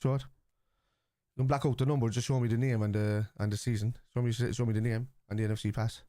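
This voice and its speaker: A man's voice: medium pitch, level tone, fast talker, dark tone, dry recording, clean studio sound. A man, hosting a live football watchalong and answering viewers bluntly, with plenty of swearing. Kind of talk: live stream chat reacting to viewers.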